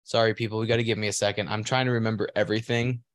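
A man's voice: on the low side, flat delivery, very fast, dry recording, clean studio sound. A man co-hosting a casual podcast, telling a crude story at length, rambling and laughing as he goes. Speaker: podcast co-host.

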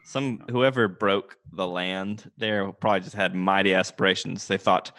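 A man's voice: low voice, normal speed, gravelly, few pauses, a bit bright. A man in casual chat, joking and laid-back.

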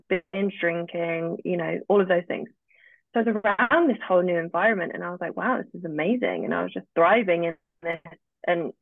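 A woman's voice: fairly low pitch, dry recording. Chatty woman on a tinny line. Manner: chatty, often acts out her own past remarks. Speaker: guest. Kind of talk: casual personal storytelling. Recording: dry, tinny phone-like line.

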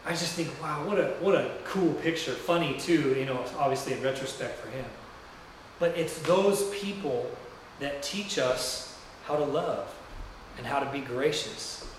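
A pastor with a fairly high voice preaches a little slowly, telling a story that wanders in a relaxed, conversational way. The sanctuary is very echoey, the mic picks him up from a distance, and there's slight background noise.

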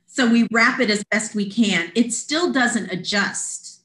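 Woman, animated storyteller, podcast guest, echoey room. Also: fairly high pitch, measured pace. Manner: animated, acts out quoted voices. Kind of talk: casual storytelling. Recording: roomy echo.

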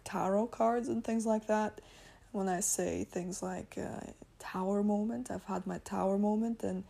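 A tired woman whose first language isn't English hosts a casual spiritual podcast, rambling chattily, laughing often, and correcting herself. Her mid-range voice is gravelly and mellow.

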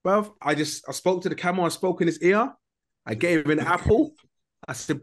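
Un homme d'âge moyen à l'londonien raconte une anecdote avec entrain, dans une discussion décontractée de podcast. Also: male voice, high-pitched, moderate pace. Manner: animated storytelling, lots of slang. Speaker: podcast co-host. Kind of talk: casual chat.

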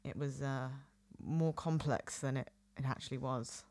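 A woman's voice: very deep voice, fairly even intonation, darkish tone, dry recording. A woman with a northern English accent co-hosting a podcast in casual chat, playful and teasing. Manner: chatty, playful, quick to laugh and tease. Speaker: podcast co-host.

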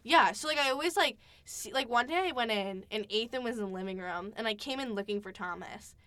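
A woman's voice: a little high, fairly quick, smooth, no room sound. A young woman hosting a podcast, telling stories in casual chat and acting out quotes with lots of filler words. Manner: animated storytelling, acts out quotes, many fillers. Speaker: podcast host.

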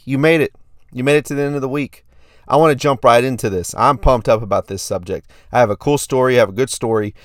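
A man's voice: mid-range voice, quick pace, no echo, studio quality. Pumped-up male podcast host. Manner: hyped, repetitive storytelling. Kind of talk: casual podcast monologue.

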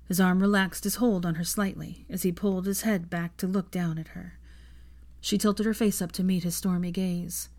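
A woman reading fan fiction aloud in a soft, intimate narrating voice. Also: fairly low pitch, fairly even intonation, moderate pace. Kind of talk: audiobook narration.

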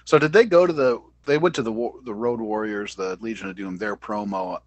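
A man co-hosting a casual podcast chat, animated and playful. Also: fairly low pitch, a little fast. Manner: animated, mocking impressions in bursts. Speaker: podcast co-host. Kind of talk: casual wrestling review chat.

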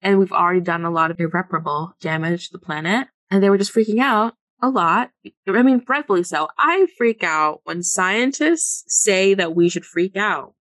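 A woman's voice: lowish voice, normal speed, a bit bright, no room sound. A woman co-hosting a podcast, talking in a chatty, emphatic way and reading quotes aloud. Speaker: podcast co-host. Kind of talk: casual podcast chat.

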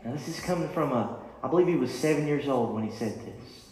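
Impassioned preacher in an echoey church. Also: male voice, mid-range voice, expressive, fast, crowd noise. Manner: rising, impassioned preaching with repeated calls. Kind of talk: sermon. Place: church sanctuary.

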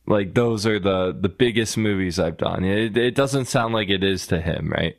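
A man co-hosting a casual podcast, easygoing and quick to laugh. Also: on the low side, no room sound, clean studio sound. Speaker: podcast co-host. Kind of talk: casual chat.

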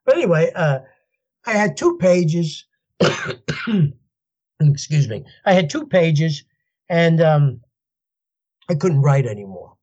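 Husky older man telling his story. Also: a little high, slow pace, pauses often, muffled recording. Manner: animated, laughs as he tells stories, acts out voices in quotes. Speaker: podcast guest. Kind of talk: storytelling interview.

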